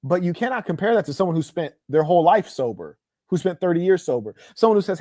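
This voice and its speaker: A man's voice: high-pitched, lively intonation, fast, darkish tone, no echo, clean studio sound. A man hosting an online livestream, delivering a combative monologue in a boastful, scornful, preachy way. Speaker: online show host.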